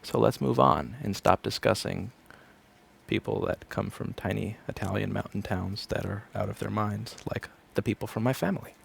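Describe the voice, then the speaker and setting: A man's voice: lowish voice, normal speed, vocal fry, a little hiss or hum. A man in his thirties, a repair technician, chats casually and sardonically on a livestream, rambling and swearing freely. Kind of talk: casual livestream chat while working. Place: repair shop.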